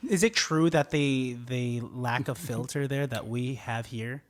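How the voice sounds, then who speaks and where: A woman hosting a podcast, chatting casually and teasing her guest with quick questions. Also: rumbling low. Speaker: podcast host. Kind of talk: casual chat.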